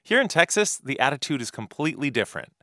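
A male radio reporter narrating a news feature in a clear, measured way. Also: mid-range voice, sing-song, bright, forceful tone, no echo, studio quality. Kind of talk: scripted news narration and field interviews.

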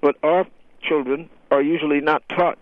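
A man's voice: a little high, steady tone, normal speed, no room sound. An older man, a writer and guest, talking in a radio interview with many fillers and restarts. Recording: tinny phone line.

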